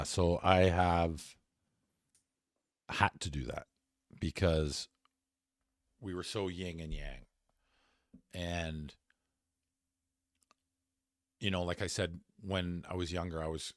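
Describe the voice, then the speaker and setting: A man in his fifties co-hosting a podcast, telling a personal story in casual chat, animated and laughing as he goes, with the odd swear. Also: sits low, no room sound, studio quality. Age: 50s. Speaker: podcast co-host.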